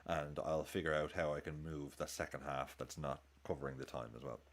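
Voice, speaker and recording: A man hosting a football watchalong, chatting excitably and swearing as he reacts live to the game and his chat. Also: a bass voice, fairly quick. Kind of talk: live match commentary and chat.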